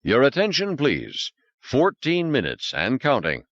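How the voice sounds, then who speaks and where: A formal, automated countdown voice, raised in pitch and measured in delivery as a male narrator voices it. The recording is dry and a little dull. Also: wildly swooping pitch, a bit bright, no echo, exaggerated voice. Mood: announcing. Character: automated habitat countdown announcer.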